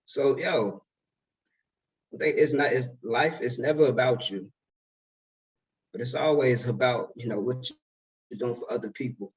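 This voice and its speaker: A man's voice: medium pitch, measured pace, long pauses, husky, far from the mic, highs cut off. A man in his twenties telling a story in a casual, slangy way as a speaker at a summit. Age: 20s. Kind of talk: motivational talk.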